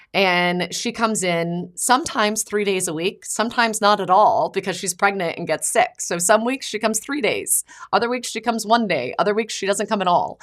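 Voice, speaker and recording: A woman in her thirties hosting a podcast, chatting casually and telling family stories in lively bursts, quoting others as she goes. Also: mid-range voice. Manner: chatty storytelling, quotes her son and mother in lively bursts. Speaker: podcast host. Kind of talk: casual chat.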